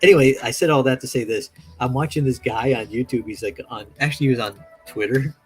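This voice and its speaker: A man's voice: mid-range voice, fast talker, a little mellow, faint music behind, poor audio. A man in casual chat while drawing on stream, telling stories animatedly and acting out quotes with a raised voice. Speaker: streaming artist.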